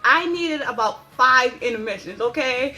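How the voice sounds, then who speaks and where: Brief: expressive woman film reviewer, bright voice, lively pitch swings, faint music under. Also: normal speed. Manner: dramatic, emphatic, repeats "okay?" for emphasis. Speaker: movie reviewer. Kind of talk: animated spoken movie review.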